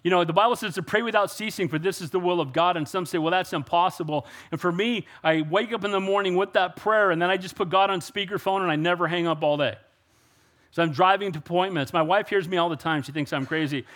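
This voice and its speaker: A man with a high, light voice preaching with fervor. He drives his points home and keeps calling for an amen from the congregation, his voice lifting as he presses each line. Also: fast. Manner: emphatic, rising to loud exclamations and call-and-response. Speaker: pastor. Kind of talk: sermon.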